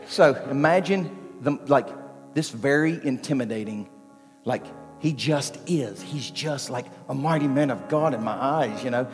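A man preaching a sermon as pastor, animated and moving between quiet talk and shouting. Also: medium pitch, moderate pace. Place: church sanctuary. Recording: long hall reverb with faint music.

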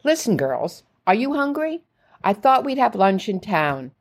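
A woman's voice: medium pitch, big pitch swings, a little slow. Woman reading jovial father, coaxing, teasing, doting, memoir audiobook. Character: doting, breezy father visiting his daughters.

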